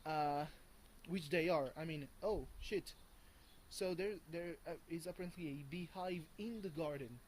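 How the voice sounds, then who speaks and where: A man's voice: on the high side, measured pace, slight background noise, poor audio. A man, rambling casually and swearing freely while vlogging from home on a hot morning. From France. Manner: rambling and profane, with many fillers and chuckles. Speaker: video blogger.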